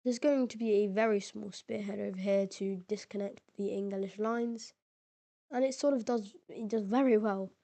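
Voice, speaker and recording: A woman talks through a map game as casual commentary, chatty and informal, full of fillers and slang. Her voice is soft and mellow rather than bright. Now and then it cracks a little. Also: mid-range voice, fairly even intonation, moderate pace, creaky. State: occasional voice cracks. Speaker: mapping video narrator.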